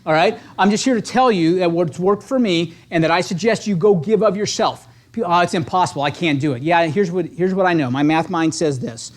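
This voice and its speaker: Speaking briskly with hardly any pauses, this high-pitched man gives real estate agents an energetic pep talk. He stays punchy and chatty, tossing out "right?" again and again to check they're with him.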